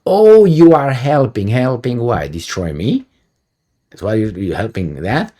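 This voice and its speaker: A man's voice: medium pitch, big pitch swings, measured pace, warm tone. Heated, sarcastic middle-aged male commentator. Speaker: political commentator. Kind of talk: ranting video commentary.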